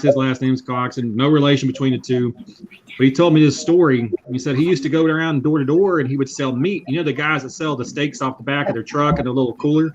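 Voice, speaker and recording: A man's voice: mid-range voice, muffled recording, a little hiss or hum. A man in casual livestream chat, telling stories in an easygoing way and drawing out his words. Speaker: YouTube mechanic, guest on livestream.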